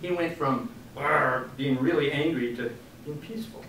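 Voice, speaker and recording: A man, an author giving a book reading, telling a story in an animated way and acting out the quotes. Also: on the high side, moderate pace, slight background noise. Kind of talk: storytelling talk. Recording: echoey room from a distant mic.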